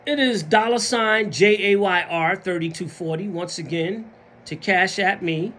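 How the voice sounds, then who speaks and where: A man's voice: sits high, unhurried, bright, forceful tone, slight background noise. A man with a Southern US accent talking casually in a motivational vlog, acting out other people's mumbled excuses. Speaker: vlogger.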